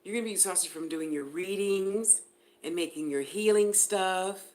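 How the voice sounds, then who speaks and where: A woman doing a live psychic reading, talking casually and giggling as she goes. She calls out viewers by name and chats with them directly. Her voice sits at an ordinary middle pitch. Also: moderate pace, a little mellow. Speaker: spiritual reader.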